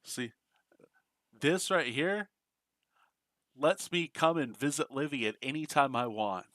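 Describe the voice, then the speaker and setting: A man's voice: mid-range voice, slow pace, a bit bright, no room sound. A man from the United States, streaming a game and chatting casually, joking, laughing often and answering chat aloud. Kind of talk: casual live-stream chat while gaming.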